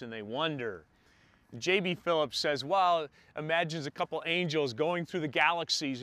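A man preaching a sermon as a pastor, dwelling on words with slow emphatic pauses. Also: a little high, sharp tone, smooth, dry recording.

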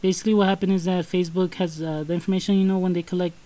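A woman with a New York accent co-hosting a casual podcast, telling stories with lively emphasis and talking straight to listeners. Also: lowish voice, rapid-fire, rough recording. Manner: animated storytelling, addresses listeners as guys. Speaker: podcast co-host.

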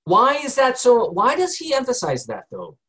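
A man's voice: very high-pitched, huge pitch swings, normal speed, fairly bright tone, slight background noise. A man leading a group Bible study in a conversational way, often asking the group questions and using many fillers.

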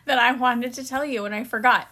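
A British woman co-hosting a casual podcast, her voice bright and a little high. She tells stories with a giggle and quick side remarks. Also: fairly even intonation. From Britain. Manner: giggly storyteller, quick asides. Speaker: podcast co-host. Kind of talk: casual chat.

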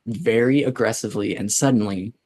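Husky-voiced man narrating a tabletop game. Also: fairly low pitch, no echo. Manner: relaxed, slow deliberate narration with laughs. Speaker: game master.

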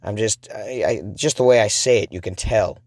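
A man's voice: lowish voice, moderate pace, creaky, darkish tone, no room sound. A man hosting a podcast who tells a personal story in a rambling, self-deprecating way, with lots of restarts, on a close mic. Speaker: podcast host. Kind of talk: casual storytelling monologue.

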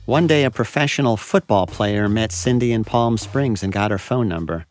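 A man's voice: lowish voice, normal speed, faint music behind. A man narrating a news story in a plain, factual scripted delivery. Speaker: narrator, reporter.

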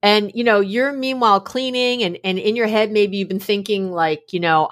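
A woman's voice: medium pitch, moderate pace. A middle-aged woman explaining mindfulness in casual conversation, acting out little scenes with laughs. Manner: animated storytelling with laughs and acted-out quotes. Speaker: guest expert on mindfulness.

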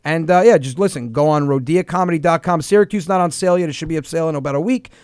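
Man, radio host, smooth clear voice, slightly high, dry studio sound, rambling casual chat. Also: very fast, darkish tone, dry recording. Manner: rambling, listing tour dates with fillers. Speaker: comedian hosting a radio show.

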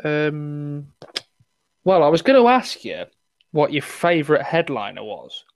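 A rambling man hosting a relaxed chat, his voice sitting a little high. He talks loosely with plenty of fillers. The sound is dry and close. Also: a little slow, no room sound. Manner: rambling, laughing, many fillers. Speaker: podcast host. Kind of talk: casual chat.

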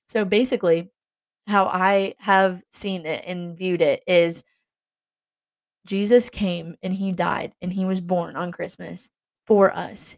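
A young woman talks earnestly about faith in a loose, rambling way, full of fillers and restarts. Her voice sits a little low for a woman. The sound is dry and close, with no room echo. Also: creaky. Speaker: Christian vlogger. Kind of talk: casual faith talk.

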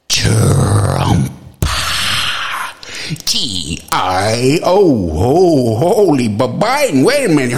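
A man giving mocking comedic commentary, heckling loudly with excited exclamations. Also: sits high. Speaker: comedy video host.

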